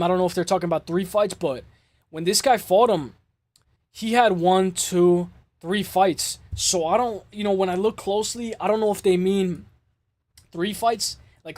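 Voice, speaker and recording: A man hosting a casual MMA show, breaking down fights in an excitable way, swearing and repeating himself. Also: high-pitched, no room sound. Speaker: MMA podcast host.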